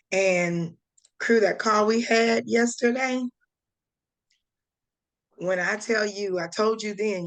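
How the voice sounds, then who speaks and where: Slow, tearful woman sharing her story. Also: lowish voice. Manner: slow, heartfelt, halting with fillers. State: holding back tears. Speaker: course participant. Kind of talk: emotional testimony on a group call. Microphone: video call.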